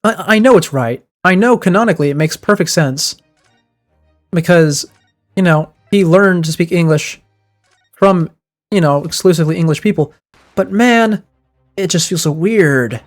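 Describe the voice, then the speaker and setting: Excitable man streaming a game. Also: high-pitched, moderate pace, pauses often, soft background music. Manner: excitable reactions. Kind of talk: let's-play commentary, reading dialogue aloud.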